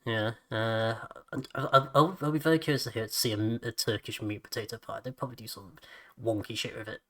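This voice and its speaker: A man hosting a casual podcast chat, laughing often and tripping over repeated words when he gets excited. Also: fairly low pitch, fairly quick. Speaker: podcast host.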